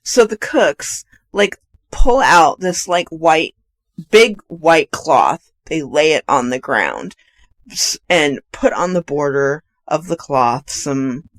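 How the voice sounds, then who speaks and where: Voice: medium pitch, takes it slowly, no room sound. A podcast co-host chatting casually about a movie, laughing often and acting out scenes. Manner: laughs often, retells scenes with lively voices. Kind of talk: casual movie review chat.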